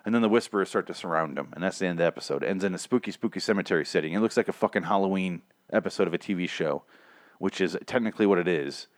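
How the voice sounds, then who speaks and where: Young guy ranting about a tv episode, kinda low voice, swears a lot, trips over his words, super dry mic. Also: very fast, no room sound. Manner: profane, griping, rambling with restarts. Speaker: podcast host recapping a TV episode. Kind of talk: casual solo recap chat.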